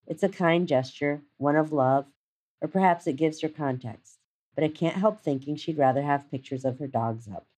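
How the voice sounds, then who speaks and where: Woman in her 50s, deep low voice, reading a personal essay, thoughtful and a bit wry. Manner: reflective, measured, gently wry. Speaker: narrator.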